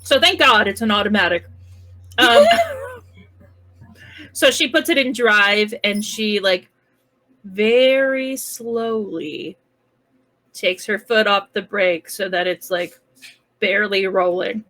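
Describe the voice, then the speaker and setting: A woman's voice: mid-range voice, a little slow, pauses often, sharp tone, rough recording. A woman playing a tabletop role-playing game, chatting casually as she describes her character's actions. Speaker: player.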